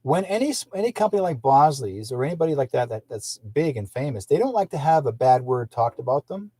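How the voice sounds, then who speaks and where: Male radio host with a husky, dry voice; casual rambling monologue. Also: medium pitch, big pitch swings, fast, dark tone, no echo. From British Columbia, Canada. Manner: rambling, with restarts and acted-out quotes.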